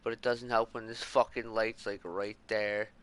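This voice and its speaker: A man's voice: lowish voice, flat delivery, normal speed, fairly bright tone. A man streaming a video game, reacting in rambling, profane commentary full of "like". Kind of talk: casual gameplay commentary.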